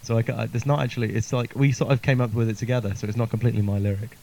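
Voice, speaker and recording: A young man, a singer-songwriter guest, chatting quickly and self-deprecatingly between songs with a laugh. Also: mid-range voice, flat delivery, vocal fry, darkish tone. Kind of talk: casual chat between songs. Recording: guitar music in background.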